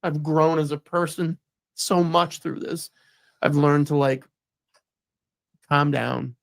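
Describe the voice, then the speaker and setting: A man's voice: on the high side, fairly even intonation, slow pace, creaky. A man in casual chat on a livestream, rambling and emotional, restarting often as he tells a story. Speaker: livestream guest.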